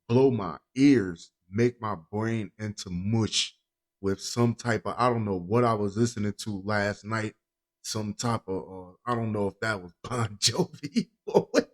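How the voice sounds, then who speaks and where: A man's voice: on the low side, unhurried. A man hosting a podcast in casual chat, rambling and joking with frequent chuckles. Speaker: podcast host.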